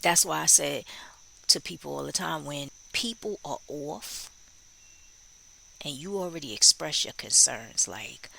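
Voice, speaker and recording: Casual true crime commentator, tense and bright in tone, musing aloud and quoting people. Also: mid-range voice, unhurried, creaky, slight background noise, low-quality recording. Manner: musing, rhetorical, acts out quoted dialogue.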